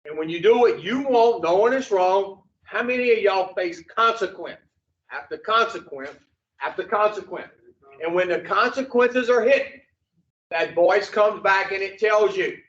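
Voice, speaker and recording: In an echoey group room, a recovery counselor with a high, fairly bright voice gives an unhurried, blunt and profane lecture packed with rhetorical questions. The audio is distant, muffled, roomy and dull.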